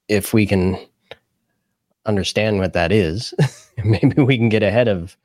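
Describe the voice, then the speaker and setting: A man's voice: fairly low pitch, unhurried, a little mellow, no echo, clean studio sound. A man hosting a podcast, asking rambling questions with a joking edge. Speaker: podcast host. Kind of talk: casual interview talk.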